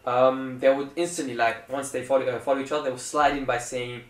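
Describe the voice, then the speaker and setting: A young man chats loudly and laughs often, bursting into big, animated stretches. His voice sits back from the mic and picks up a roomy echo. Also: medium pitch, fast talker, distant mic. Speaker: podcast co-host. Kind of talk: casual chat.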